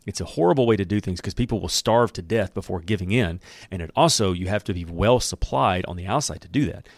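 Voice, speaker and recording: A man giving a casual Bible teaching. He tells the story in a lively way, reads the verses aloud, and acts out the characters' lines with a laugh. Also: on the low side, no echo. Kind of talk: conversational Bible teaching with scripture reading.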